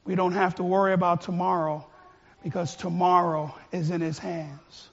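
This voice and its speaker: A male pastor preaching a sermon with passion, swinging from quiet, earnest words to shouts. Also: high voice, little pitch movement, moderate pace, highs cut off.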